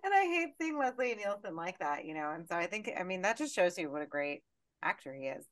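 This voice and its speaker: A woman co-hosting a podcast, chatting casually and excitably, often laughing. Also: on the low side, brisk. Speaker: podcast co-host. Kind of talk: casual chat.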